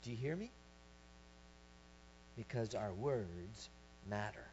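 A man preaching a sermon, telling a personal story and rising to loud shouts as he acts it out. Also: lowish voice, lively intonation, slow pace. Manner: storytelling, swelling to shouts when acting out his story. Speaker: pastor. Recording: dull lo-fi recording with mains hum.

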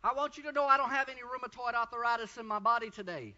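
A male preacher delivering a fervent sermon, often breaking into shouts of praise. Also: very high voice, very fast, few pauses, dull audio. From Texas.

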